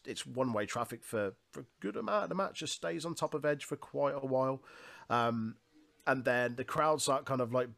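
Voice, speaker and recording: A man's voice: mid-range voice, creaky, a bit bright. Chatty man recapping wrestling. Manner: conversational, recapping matches with laughs and swearing. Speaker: wrestling podcast co-host. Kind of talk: casual chat.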